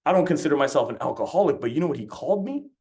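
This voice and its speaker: A man's voice: on the high side, animated, racing, a little mellow. A man giving a motivational talk, telling stories bluntly and swearing freely. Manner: blunt and profane, with storytelling energy. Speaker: motivational speaker.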